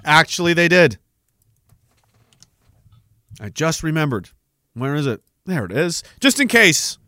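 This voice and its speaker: A man hosting a podcast, delivering a heated, profanity-laced rant that swings into shouting. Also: on the high side, big pitch swings, moderate pace, no echo. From Canada. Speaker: podcast host. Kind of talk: angry rant.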